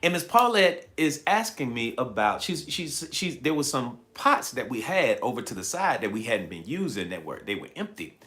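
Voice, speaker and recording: A man hosting a livestream, telling a story to his chat in a casual, animated way and repeating phrases as he builds it. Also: medium pitch, normal speed, hardly any pauses. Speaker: livestream host.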